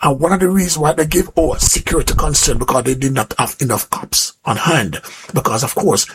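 A man's voice: a little high, brisk, fairly bright tone, breathy edge. An older man with a Jamaican accent hosting a radio show, rambling in casual talk that repeats words and slips into patois. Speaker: radio host.

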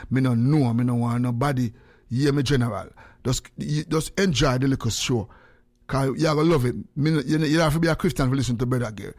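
A Jamaican man chatting casually in patois to viewers on a phone live stream, swinging between a high voice and a low one. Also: a little mellow.

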